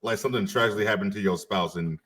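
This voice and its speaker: A man's voice: lowish voice, over a noisy crowd. A man co-hosting a podcast, laid-back and casually profane as he chats and wraps up the show. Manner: laid-back, swears casually, drawn-out sign-off. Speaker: podcast co-host. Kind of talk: casual chat.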